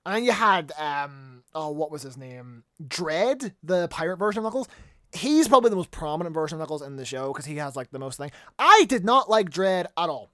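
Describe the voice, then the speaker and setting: A man's voice: a little high, big pitch swings, fairly quick, fairly bright tone, no room sound. Rambling young-sounding man, dry close mic. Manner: rambling, lots of fillers, swears casually. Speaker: video reviewer. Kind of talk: casual rambling commentary.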